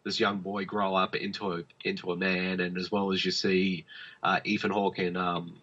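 This podcast co-host has a low voice, flat delivery, and a sharp tone, speaking at a moderate pace. He rambles about films in a casual review chat packed with fillers and restarts, captured in dull lo-fi audio.

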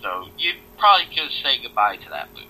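Blunt, bright-voiced man chatting. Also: medium pitch, sing-song, fairly quick, slight background noise, poor audio. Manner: blunt, swears casually. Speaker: podcast co-host. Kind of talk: casual chat.

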